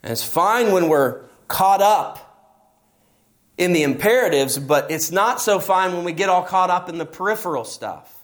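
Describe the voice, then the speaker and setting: A man's voice: sits high, animated, normal speed. A middle-aged man preaching a sermon as pastor, telling stories and pressing his points with emphasis. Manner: storytelling, emphatic with rising passages.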